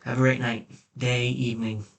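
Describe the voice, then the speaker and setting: Brief: male commentary vlogger, blunt and mocking, middle-pitched, a bit off-mic. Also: level tone, normal speed, vocal fry, far from the mic, poor audio. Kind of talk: casual opinion monologue.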